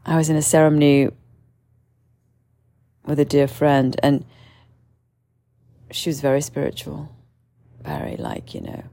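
Low, gravelly-voiced woman telling a story. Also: sing-song, measured pace, long pauses, mellow, dry recording. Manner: candid, meandering, with many fillers and restarts; mimics others with sudden shrill outbursts. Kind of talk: casual storytelling monologue.

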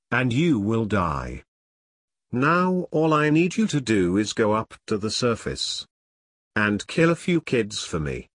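A man voicing a harsh, bullying male demon henchman with a rusty voice who yells threats. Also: medium pitch, no echo, clean studio sound. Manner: yelling threats.

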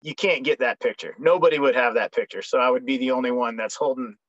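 This young man, a veteran appearing as a guest, talks quickly at medium pitch with a fairly bright tone, joking openly and often stumbling into ums and false starts. It's a casual storytelling interview, captured in a dry, slightly dull recording without echo.

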